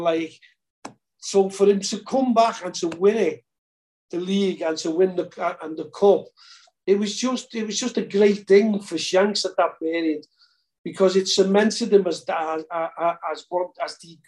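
An older man with a notably high voice rambles through memories on a podcast. He restarts his phrases often in a relaxed chat. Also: unhurried. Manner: rambling, repeats words. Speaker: podcast co-host. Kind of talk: casual chat.

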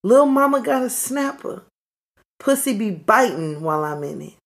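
A woman co-hosting a casual chat and lyric guessing game, cursing, teasing and breaking into loud laughter. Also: on the high side, big pitch swings, moderate pace. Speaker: podcast co-host. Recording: loud background noise.

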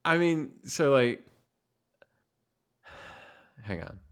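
A man's voice: medium pitch, lively intonation, extremely slow, fairly bright tone, clean tone. A man with a Tennessee Southern accent, a podcast guest chatting casually in a loose, emphatic way with the odd swear. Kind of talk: casual chat.

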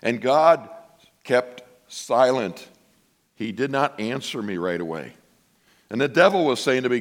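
Animated storytelling male pastor. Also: a little high, unhurried. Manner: animated storytelling, acts out voices. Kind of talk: sermon.

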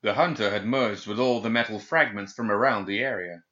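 A man narrating an audiobook in a steady, measured reading. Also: fairly low pitch. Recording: dull lo-fi recording.

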